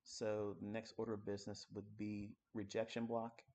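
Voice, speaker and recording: A man's voice: lowish voice, completely flat delivery, normal speed, a little mellow. A man giving a live-streamed trading lesson, talking bluntly and coarsely while working through charts at his computer. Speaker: trading educator.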